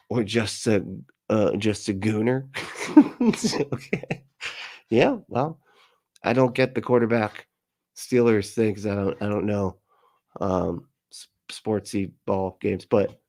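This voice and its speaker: A man's voice: lowish voice, darkish tone. A man hosting a livestream, reading chat comments in a rambling, jokey way and laughing often.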